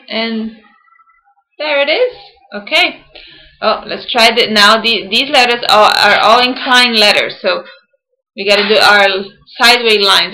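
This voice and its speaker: A woman teacher leading an early-years phonics lesson, patient and sounding words out slowly. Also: mid-range voice, bright, forceful tone, poor audio.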